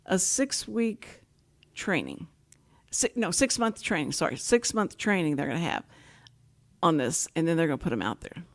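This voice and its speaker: A woman's voice: low-pitched, animated, normal speed. An older woman hosting a casual talk show, telling long rambling stories full of restarts. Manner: chatty, rambling storyteller with many restarts.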